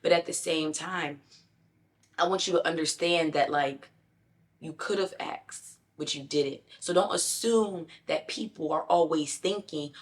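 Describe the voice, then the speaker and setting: A woman's voice: deep voice, measured pace. A young adult woman talking candidly and emphatically to her viewers in a casual self-help vlog. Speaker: lifestyle vlogger.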